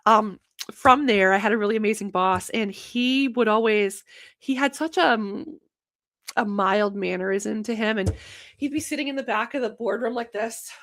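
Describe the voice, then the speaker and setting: A young woman hosting a casual livestream show, talking fast and energetically with many fillers. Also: fairly high pitch, a bit bright. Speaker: host of a banking livestream show.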